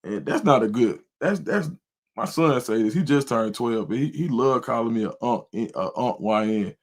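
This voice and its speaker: Middle-aged man, animated livestream storyteller and host. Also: normal speed. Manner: animated storyteller, jumps to high loud voice when quoting himself. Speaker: volunteer youth football coach and show host.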